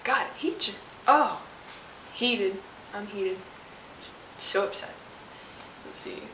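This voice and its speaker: A woman's voice: mid-range voice, slow pace, sharp tone. Young woman, sassy exasperated rant, echoey room, light hiss. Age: young adult. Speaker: vlogger. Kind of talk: casual ranting vlog. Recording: roomy, distant mic with hiss.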